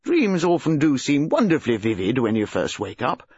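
A reader voicing a grumbling, sleepy old English colonel who speaks gruffly and dismissively, in a dull lo-fi storybook recording. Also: medium pitch, very animated, normal speed, a little mellow, no echo.

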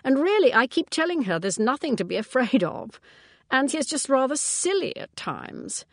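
A woman's voice: high voice, very animated, moderate pace, no room sound, clean studio sound, pitched above the performer's own voice, heavily acted. A woman reading the part of an anxious older spinster sister who talks in fretful, trailing-off sentences. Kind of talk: audiobook character reading.

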